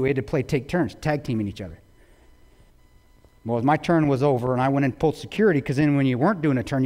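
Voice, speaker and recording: A man giving a talk to an audience, telling a war story with intensity, swinging between loud bursts and hushed low lines. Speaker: guest speaker. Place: large auditorium. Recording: long hall reverb.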